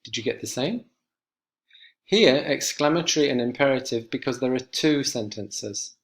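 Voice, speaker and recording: A man teaching an online English lesson, walking students through exercises with slow, clear instructions. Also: mid-range voice, a bit bright. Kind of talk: recorded online lesson walkthrough.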